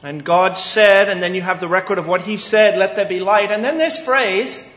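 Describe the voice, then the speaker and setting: A man delivers an expository sermon from a church sanctuary, his slightly high voice carrying through a roomy space with a long, lingering reverb. He speaks earnestly, stressing key phrases and pausing deliberately. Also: a bit bright. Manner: earnest, emphatic expository preaching with deliberate pauses. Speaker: preacher.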